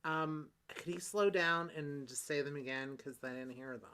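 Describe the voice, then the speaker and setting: A woman improvising a fussy, demanding woman on a Valentine's date, stammering and bossy, bursting into shouts. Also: low voice, normal speed, crowd noise, natural voice. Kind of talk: improvised comedy scene.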